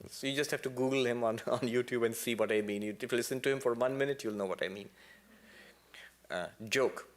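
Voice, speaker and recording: At a fairly quick pace, a man speaks to a temple audience in a spiritual lecture. He tells stories vividly, with playful digressions and sharp, high moments of emphasis.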